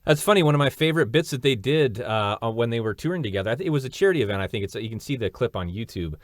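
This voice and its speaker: A man's voice: mid-range voice, animated, racing, no echo. A man hosting a podcast, asking questions like an eager, chatty fan. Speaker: podcast host. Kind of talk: casual interview chat.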